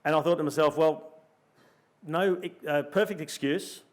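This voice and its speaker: A middle-aged Australian man, a former pro cyclist, telling a lively story at a luncheon and acting out his own thoughts as he goes. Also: a little high, moderate pace. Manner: animated storyteller, acts out his own thoughts in quoted asides. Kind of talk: storytelling in a live interview. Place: luncheon event room.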